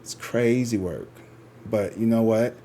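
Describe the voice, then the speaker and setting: Casual male tarot reader, low voice, loose and slangy, swears freely. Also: measured pace, dark tone, a little hiss or hum. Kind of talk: casual rambling chat to viewers.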